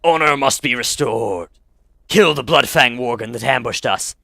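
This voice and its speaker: A man voicing an honor-bound male orc warrior in a fantasy game, with a gruff, dramatic delivery. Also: medium pitch, normal speed, pushed and bright, no echo, studio quality.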